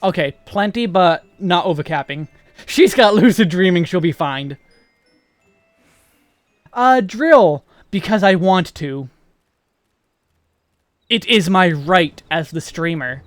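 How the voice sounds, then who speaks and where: High-voiced joking male streamer. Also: animated, takes it slowly, long pauses, no room sound. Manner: joking, wry asides. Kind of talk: casual gameplay commentary.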